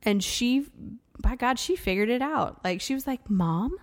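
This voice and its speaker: A woman's voice: on the high side, expressive, a little slow. A woman in her thirties co-hosting a casual podcast, telling self-mocking stories about her kids in a chatty way. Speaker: podcast co-host. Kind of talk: casual chat.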